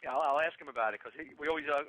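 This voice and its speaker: A man, a guest on a chat show, talks quickly and eagerly. His voice is bright and slightly high. The sound is close and dry. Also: no room sound, poor audio. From Italian-American family. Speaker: guest musician. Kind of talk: casual interview chat.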